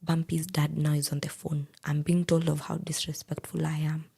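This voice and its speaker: A young woman with a Kenyan accent recounts her own story in a breathy, half-whispered, intense voice. Her tone sits low and dark, with a heavy gravelly rasp and a very husky edge. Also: level tone, normal speed. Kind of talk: personal storytelling.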